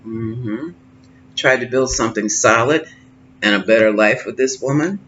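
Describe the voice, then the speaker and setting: A man works through a tarot card reading, thinking aloud and pausing as he interprets each card. His voice sits at an ordinary middle pitch. The recording is a bit muffled and lo-fi, with a faint hiss underneath. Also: a bit bright. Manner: musing, thinking aloud with pauses. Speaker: tarot reader. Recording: slightly dull lo-fi sound with faint noise.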